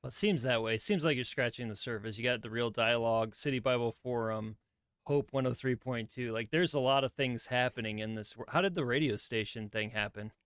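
A man's voice: mid-range voice, fairly quick, fairly bright tone, clean tone, no echo, studio quality. A man hosting a podcast interview, asking questions in a friendly, curious way. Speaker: podcast host. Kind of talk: casual interview talk.

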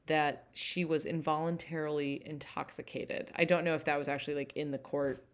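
Low-voiced woman co-hosting a chat show. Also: level tone, a little fast. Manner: hedging, rambling, full of fillers. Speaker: podcast co-host. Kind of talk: casual chat.

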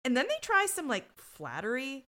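A woman's voice: high-pitched, huge pitch swings, normal speed, pushed and bright. A woman co-hosting a podcast, retelling an episode sarcastically and acting out the characters' lines. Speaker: podcast co-host. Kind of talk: casual recap chat.

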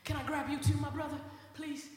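A woman's voice: high-pitched, little pitch movement, brisk, a little mellow. A woman pastor preaching a sermon to her congregation, often stammering and restarting as she talks straight to them. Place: church. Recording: echoey church hall with long reverb.

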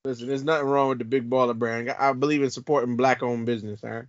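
A man's voice: medium pitch, fairly even intonation, fast talker, no echo. A man co-hosting a podcast, bantering and defending himself with jokey protests. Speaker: podcast co-host. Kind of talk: casual banter. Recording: dry, dull lo-fi audio.

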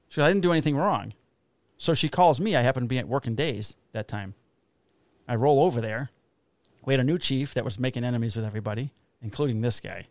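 A man who works as a police officer co-hosts a podcast and spins a long, profane story in casual chat. His voice sits at an ordinary middle pitch. It is recorded dry, with no room sound around it. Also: fast, darkish tone, no room sound. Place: Illinois.

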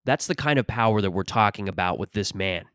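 Low-voiced man in a profane rambling monologue. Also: lively intonation, a little fast, a bit bright, clear, resonant tone, no room sound. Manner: profane, rambling, restarts often. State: short of breath after an allergic reaction. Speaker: podcast host and stand-up comic. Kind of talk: casual comedic monologue.

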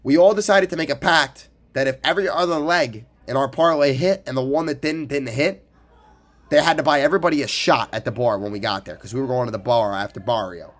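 A young man in college with a medium-pitched, brisk voice co-hosts a podcast. He tells a story in casual chat, teasing and swearing freely.

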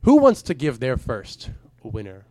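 A man's voice: mid-range voice, fast talker, darkish tone. A man co-hosting a casual sports podcast, joking around and reading sponsor plugs. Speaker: podcast co-host.

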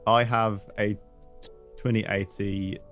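A man's voice: on the low side, flat delivery, slow pace, fairly bright tone, soft background music. A man hosting a podcast in casual chat, rambling with lots of fillers and teasing his guest. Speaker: podcast host.

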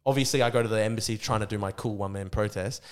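Fast-talking young Australian man. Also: fairly low pitch. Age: young adult. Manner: rapid, profane, excitable retelling. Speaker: podcast guest. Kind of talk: casual storytelling.

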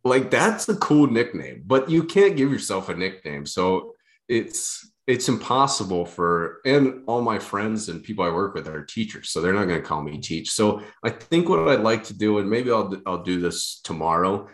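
A man's voice: on the low side, expressive, normal speed. A young man co-hosting a podcast, talking in a casual, rambling, self-deprecating way with lots of restarts. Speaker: podcast co-host. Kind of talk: casual chat.

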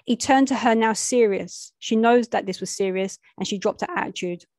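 A woman narrating a gritty urban story. She reads in a plain, steady, medium-pitched voice and drops easily into street slang. The recording is close and dry. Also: moderate pace, no echo. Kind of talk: reading a gritty first-person-style short story aloud.

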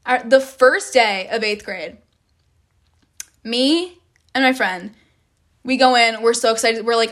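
Her pitch is fairly high and somewhat bright as she launches into a storytime rant. The young woman, a vlogger, keeps it casual yet dramatic, swearing often and leaning hard on "like."

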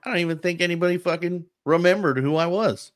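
A man's voice: high voice, quick pace. A man co-hosting a casual chat among military veterans, joking, swearing and laughing often. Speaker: podcast co-host.

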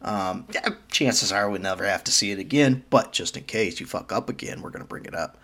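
A man's voice: fairly low pitch, a little fast, a bit bright. A man co-hosting a casual podcast, telling work stories with a joking, laughing manner and casual swearing. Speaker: podcast co-host. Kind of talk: casual chat.

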